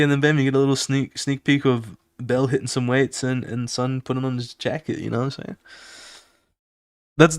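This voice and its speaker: A man's voice: medium pitch, dry recording, clean studio sound. A young man streaming while he draws, retelling a comic in a casual, slangy way and adding spoken sound effects. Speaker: artist streamer. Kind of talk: casual storytelling while drawing.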